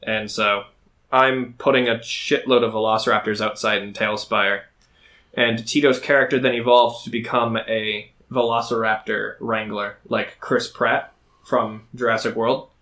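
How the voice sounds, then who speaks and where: A man co-hosts a podcast and serves as its dungeon master, rambling through game stories in casual, chatty talk packed with fillers. His voice is lowish and bright with a forceful edge, unhurried, and it barely moves in pitch.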